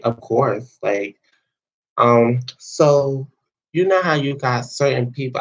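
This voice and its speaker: A man's voice: medium pitch, muffled recording. A young man telling a story to his viewers in a casual, slangy way, with lots of fillers and swearing. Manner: chatty, slangy, profane, many fillers. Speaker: vlogger.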